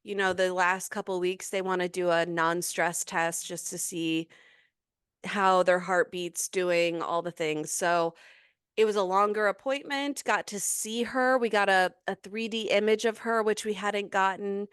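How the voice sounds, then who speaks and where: Chatty pregnant woman, smooth voice. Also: mid-range voice, steady tone, a little slow, fairly bright tone, no echo, clean studio sound. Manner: chatty, breathless run-on storytelling. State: heavily pregnant. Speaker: podcast co-host. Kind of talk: casual chat.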